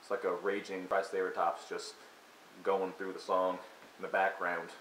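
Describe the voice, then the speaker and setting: A male music reviewer with a deep, fairly bright voice gives a crude, mocking album review at normal speed, his delivery flat even as he bursts into exaggerated impressions. The rant is comedic, and the room is echoey with faint hiss.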